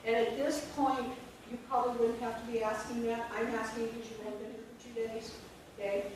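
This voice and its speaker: A woman's voice: a little high, level tone, brisk. A woman leading a phonics training workshop for teachers, drilling sounds and syllables and quizzing the room. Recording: echoey room, distant mic, noisy.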